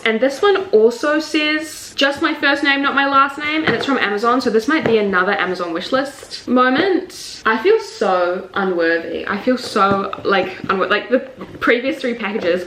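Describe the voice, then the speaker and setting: A woman in her twenties, a book vlogger, chatting casually and gushing excitedly as she unboxes, with lots of fillers. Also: medium pitch, slight background noise. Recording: echoey room.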